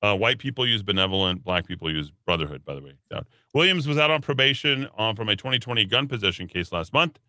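Male talk radio host, low bright voice, sarcastic asides, dry studio sound. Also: lively intonation, fast talker, few pauses, no echo. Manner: reads headlines then adds sarcastic asides. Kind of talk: casual talk radio, reading news.

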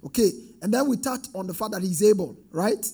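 High, gravelly-voiced preacher, husky. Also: male voice, lively intonation, fairly quick, dark tone. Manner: call-and-response preaching, sing-song emphatic swells. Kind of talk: sermon.

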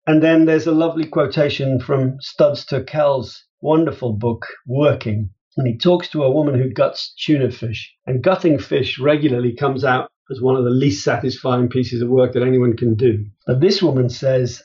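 Speaking at a normal speed with hardly any pauses, a man guesting on an interview as a business author tells lively stories and acts out quotes with big pitch jumps. The sound is dull and lo-fi.

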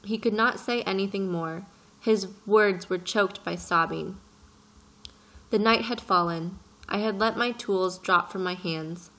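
A woman narrating a chapter of a story aloud, in a measured, gentle manner. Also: medium pitch, low-quality recording. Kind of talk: audiobook narration.

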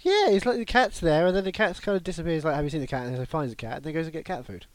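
A man's voice: on the high side, lively intonation, very fast, dry recording. A man hosting a casual comedy podcast, riffing in a jokey, mock-serious way.

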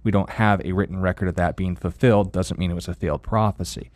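A man co-hosting a Bible question show, answering in a quick, wry way with dry asides. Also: sits low, fairly even intonation, darkish tone, no room sound. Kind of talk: casual radio Bible Q&A.

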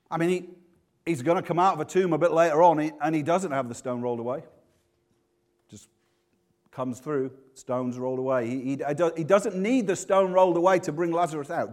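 A man preaching a sermon, swinging between loud, emphatic passages and hushed, slow ones. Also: fairly high pitch, lively intonation.

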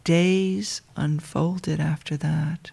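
A woman telling a personal story to listeners she calls dear friends, in a soft, intimate way that often drops to a whisper. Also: sits low, fairly even intonation, extremely slow, gravelly, husky.

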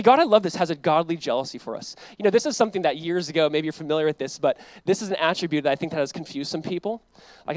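A male pastor preaches his sermon conversationally, packing it with asides, acting out the voices he quotes and saying "like" often. His voice sits on the high side, and the recording is dry.

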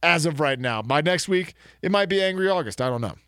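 A man's voice: fairly high pitch, expressive, brisk, fairly bright tone, no echo. A man co-hosting a community radio sports show in casual banter, joking with dry self-mocking asides, his voice a bit stuffed up from allergies.

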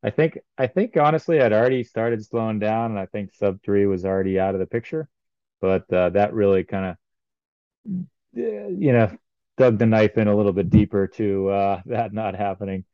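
Man, triathlete, casual podcast chat, low smooth voice, dry and slightly dull sound. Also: lively intonation, normal speed, no room sound. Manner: rambling, many ums and uhs. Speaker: triathlete recounting a race.

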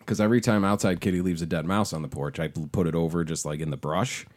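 A man's voice: low voice, steady tone, quick pace, a little mellow. A man in his thirties, co-hosting a casual chat, telling rambling, profane stories and laughing often. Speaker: podcast co-host.

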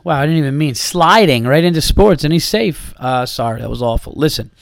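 A man's voice: on the high side, lively intonation, a little fast, gravelly, no echo, studio quality. A man hosting a podcast, delivering an exasperated, profane monologue in a casual ranting way. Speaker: podcast host and comedian.

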